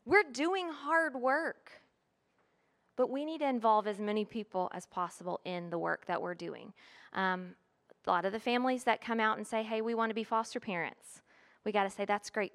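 A woman's voice: mid-range voice, fairly bright tone. A woman giving a presentation to a church group on foster care work, earnest and a bit apologetic. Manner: earnest and apologetic, with frequent fillers. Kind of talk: presentation talk.

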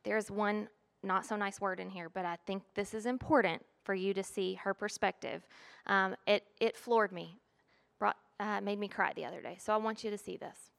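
A woman's voice: mid-range voice, steady tone, moderate pace, gravelly, a bit bright. A woman giving a presentation to a church group on foster care work, earnest and a bit apologetic. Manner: earnest and apologetic, with frequent fillers. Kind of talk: presentation talk.

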